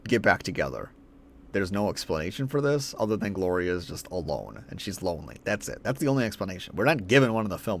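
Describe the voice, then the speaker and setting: A man's voice: fairly low pitch, a little hiss or hum. A man ranting through a film review in a profane, exasperated way.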